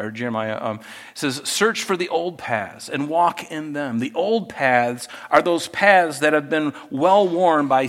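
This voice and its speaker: A man's voice: a little high, fairly bright tone. Man preaching a conversational sermon. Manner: conversational preaching with questions to the congregation. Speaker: pastor.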